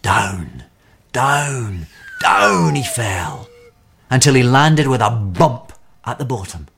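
A man reading a children's story aloud with expressive, animated storytelling. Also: medium pitch, takes it slowly, creaky.

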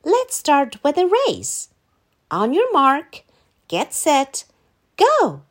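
A woman voicing an upbeat young camp leader in a storybook reading, speaking in a bright, encouraging way. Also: high-pitched, wildly swooping pitch, slow pace, exaggerated voice.

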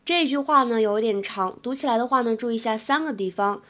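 A young woman, an English teacher, explaining phrases patiently and drilling them slowly in a spoken lesson. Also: fairly high pitch, fairly bright tone.

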